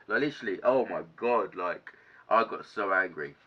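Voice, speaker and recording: A young man telling a casual storytime to camera, animated, ranting and swearing a lot. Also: fairly low pitch, moderate pace. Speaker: vlogger. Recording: dull lo-fi sound.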